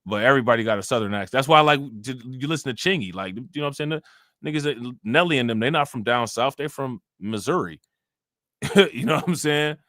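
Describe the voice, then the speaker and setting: Speaking fast and expressively in a mid-range, somewhat bright voice, a young man hosts a livestream. He answers chat in a loose, profane, rambling way, and the recording is dry and studio quality.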